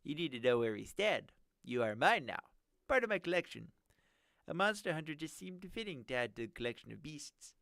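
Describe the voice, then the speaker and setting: A man's voice: fairly high pitch, very animated, a little fast, gravelly, fairly bright tone, dry recording, pitched above the performer's own voice, exaggerated voice. A man voicing a smug, nerdy male captor who collects monsters, mocking and condescending, in an audiobook reading.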